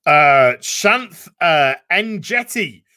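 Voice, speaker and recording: A man's voice: fairly high pitch, lively intonation, extremely slow, bright, forceful tone. A man co-hosting a live stream, reading super chats aloud in a casual, profane, laughing way.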